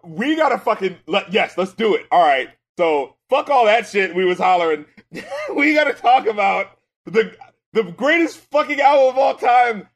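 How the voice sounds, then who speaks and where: A man with a high-pitched voice co-hosts a casual podcast about hip-hop. He swears constantly and talks in bursts, dropping low and quiet before shouting with excitement. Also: normal speed. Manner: excitable and profane, swings from mumbling to shouting. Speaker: podcast co-host, music critic and rapper.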